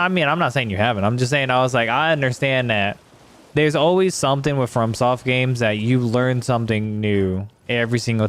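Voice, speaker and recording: A man streaming a game and chatting loosely with his viewers. His voice sits at an ordinary middle pitch. He rambles, restarts his sentences and swears freely. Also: a bit bright. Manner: rambling, sweary, talks to chat while playing. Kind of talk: casual gameplay chat.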